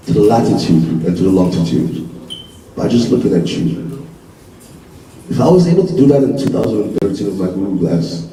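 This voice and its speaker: A man giving an animated speech to a live audience, repeating himself and asking rhetorical questions. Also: on the low side, a little hiss or hum. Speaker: conference speaker. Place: large conference hall. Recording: echoey hall from far off.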